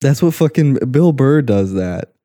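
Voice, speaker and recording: A man's voice: medium pitch, lively intonation, measured pace, dark tone, no echo, studio quality. A young man co-hosting a crude, casual podcast chat, laughing often and mocking posts he reads out. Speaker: podcast co-host.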